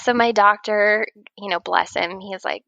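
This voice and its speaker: A woman in her thirties telling a funny personal story in casual chat, laughing often and acting out her own yelling. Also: medium pitch, measured pace, vocal fry, dry recording, dull audio. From Oregon. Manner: animated, laughing, acts out her own shouting. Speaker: guest writer.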